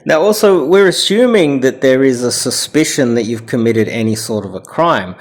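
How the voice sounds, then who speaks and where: A man's voice: medium pitch, expressive, moderate pace. A man with an Australian accent giving reaction commentary in a ranting, sarcastic manner.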